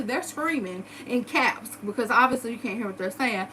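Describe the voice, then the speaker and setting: Woman, 30s, brisk storyteller, swears freely, animated delivery, slightly high voice. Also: slight background noise, rough recording. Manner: animated, profane, dramatic retelling. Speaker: storyteller vlogger. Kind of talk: casual storytime monologue.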